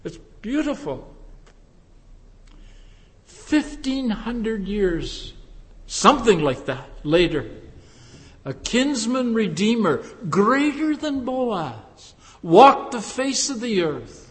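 A man preaching a sermon, pleading with passion, swelling loud and then dropping to a near hush. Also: high-pitched, sing-song, takes it slowly, pauses often, big-room sound.

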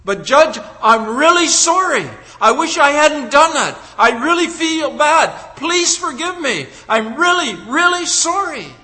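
A man's voice: very high-pitched, lively intonation, measured pace, few pauses, bright, forceful tone, in a large hall, pitched above the performer's own voice, full character voice. A man voicing a remorseful male criminal who pleads with a judge and apologizes again and again. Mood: pleading.

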